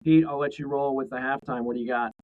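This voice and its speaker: A man's voice: medium pitch, steady tone, fast, narrow, tinny audio. Podcast cohost guy, medium voice, kinda rambly, lots of um and uh. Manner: rambling, many fillers and restarts. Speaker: co-host. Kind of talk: casual podcast chat.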